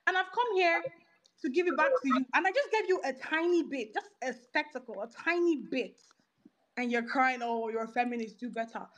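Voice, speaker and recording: A woman's voice: high-pitched, animated, a bit bright. A woman arguing heatedly and sarcastically in an online audio room. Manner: confrontational, sarcastic, rapid rants. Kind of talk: heated argument.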